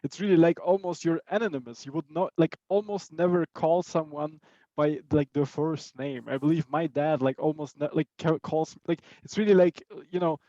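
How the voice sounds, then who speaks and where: A man's voice: a little high, normal speed, dark tone, no room sound, dull audio. Hesitant man, heavy "like" fillers. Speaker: panelist. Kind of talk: casual panel discussion.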